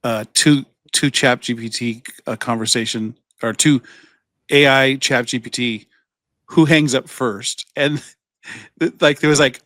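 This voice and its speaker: A man's voice: mid-range voice, unhurried, a bit bright, dry recording. Rambling man telling stories. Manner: rambling storyteller, acts out quoted voices, swears, laughs often. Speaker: podcast co-host. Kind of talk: casual chat.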